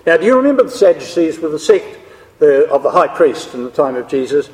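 A man's voice: fairly high pitch, sing-song, fairly quick, a little mellow. A man teaching a Bible class, explaining ideas step by step and checking in with his listeners. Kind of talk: scripture lecture to a class. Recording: long hall reverb.

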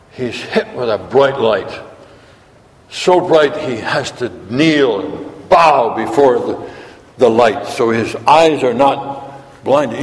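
A man preaching a sermon, asking his listeners questions and acting out quotes as he goes. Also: medium pitch. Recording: long hall reverb.

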